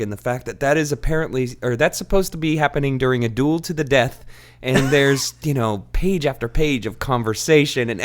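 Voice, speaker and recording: A man, a podcast co-host, chatting and reading aloud in a chatty, amused way. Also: medium pitch. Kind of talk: casual chat and reading aloud.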